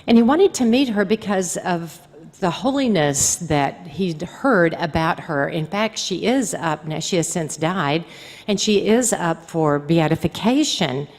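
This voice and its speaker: A woman's voice: lowish voice, lively intonation, unhurried, darkish tone. A woman, a religious sister, giving a conversational storytelling talk to a convention audience. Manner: conversational storyteller, acts out quoted speech. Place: large hall. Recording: reverberant hall.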